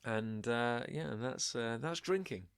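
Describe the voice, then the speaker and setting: A man's voice: mid-range voice, a little slow, creaky, clean tone, dry recording. A young man co-hosting a podcast, rambling through drinking anecdotes and acting out quotes with a laugh. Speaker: podcast co-host. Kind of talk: casual chat.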